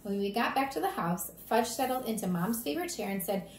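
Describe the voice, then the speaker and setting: A woman narrating a children's storybook aloud in a steady, plain manner. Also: fairly high pitch, a little fast. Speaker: reader. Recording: roomy echo.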